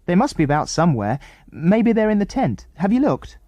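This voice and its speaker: A plucky young English girl, as a male storyteller puts her on, quick-witted and urgent, her lines pitched well above his normal voice. She is lively and earnest. The recording is dry and close. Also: no echo, lo-fi sound. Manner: urgent, earnest, breathless pleading.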